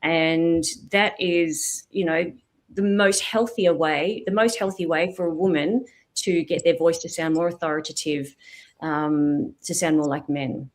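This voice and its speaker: A woman's voice: deep voice, fairly even intonation, unhurried. A middle-aged woman, a voice specialist, explaining and demonstrating vocal technique in an interview. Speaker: voice specialist guest. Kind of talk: expert interview talk.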